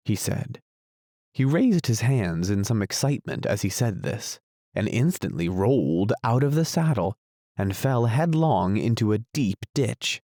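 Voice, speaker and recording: A man reads a classic storybook aloud in a measured, even way. His low voice carries a gravelly texture, and the recording is close and dry. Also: dry recording. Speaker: audiobook narrator. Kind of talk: storybook narration.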